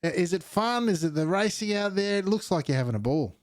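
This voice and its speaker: A man's voice: sits high, lively intonation, fairly quick, no room sound, studio quality. A man, commentating sim racing and interviewing a driver in an upbeat, chatty way. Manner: upbeat, keeps saying "beautiful" and "mate". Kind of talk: post-race interview and commentary.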